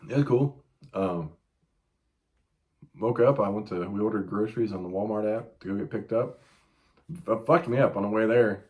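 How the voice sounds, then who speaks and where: The podcast host, in his late thirties, has a lowish voice and a moderate pace, stopping often. He swaps animated, swear-filled stories in a casual chat, yelping the quoted bits.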